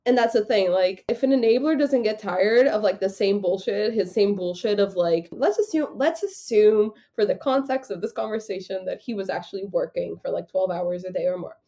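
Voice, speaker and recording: A woman speaking as a podcast guest in a casual interview, halting and full of fillers and restarts. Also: medium pitch, mellow.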